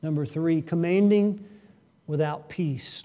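Male pastor, fairly high voice, mellow tone, sermon delivery with loud surges. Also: moderate pace. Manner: earnest preaching with sudden rises in pitch and loudness for emphasis; asks the congregation rhetorical questions.

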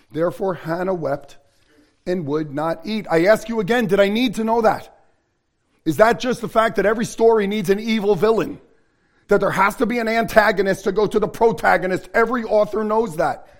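A man with a notably high-pitched voice delivers a sermon. He speaks earnestly and confessionally, sinking to near-whispers and then pressing points with force. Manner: earnest, confessional, swings from hushed to emphatic. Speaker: pastor.

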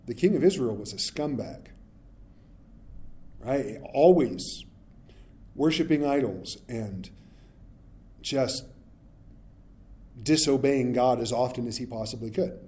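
This pastor delivers his sermon conversationally, taking it slowly with long pauses in a warm, medium-pitched voice. He often asks "right?" and acts out the Bible characters in the story.

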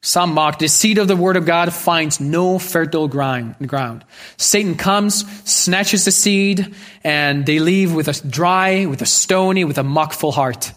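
A male preacher delivers a sermon with an earnest, pleading manner. He repeats his key phrases for emphasis, and his voice sits somewhat high for a man. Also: measured pace, a bit bright.

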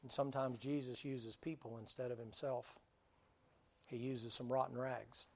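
Folksy preacher telling a story. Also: male voice, mid-range voice, moderate pace. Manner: folksy, animated storytelling with acted-out voices and sudden loud bursts. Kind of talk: storytelling sermon.

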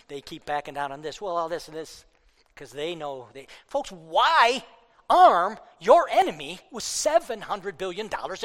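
A man preaching a fiery political sermon, worked up, swinging between loud outbursts and low asides. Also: long reverb tail.

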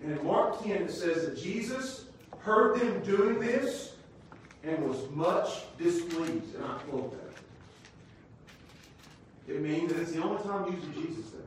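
A male pastor preaching a sermon, emphatic, rising to shouts and dropping to quiet teaching. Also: sits high, expressive, unhurried, pauses often, slight background noise. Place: church sanctuary. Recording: echoey church hall from far off.

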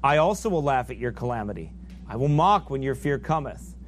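A man preaching a sermon, fervent and emphatic, swinging from loud peaks down to low asides and reading scripture in old biblical wording. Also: sing-song, a little fast, slight background noise.

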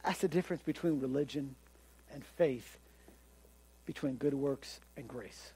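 A man preaching a sermon in an animated way, acting out the people he quotes and tripping over repeated words when he gets going. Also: mid-range voice, a little slow, slight background noise. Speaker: pastor.

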